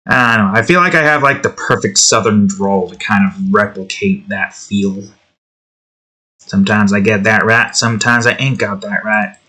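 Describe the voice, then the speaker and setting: A man's voice: lowish voice, moderate pace, pushed and bright, slightly rough. A man hosting his own channel, chatting casually to himself as he draws, trailing off and thinking aloud. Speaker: channel host drawing on stream. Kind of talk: casual rambling commentary while drawing.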